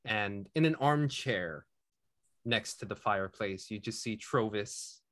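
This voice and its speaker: A man narrating as game master in a tabletop game, with a relaxed, rambling way of talking. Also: on the low side, measured pace.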